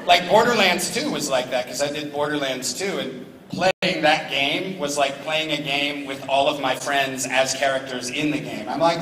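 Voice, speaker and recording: A man's voice: on the high side, normal speed, slight background noise. Jokey man on a hall stage. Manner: jokey, animated storyteller. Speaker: voice actor panel guest. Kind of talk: convention panel Q&A. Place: large convention hall. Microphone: far from the recording device. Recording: echoey hall from far off, loud crowd.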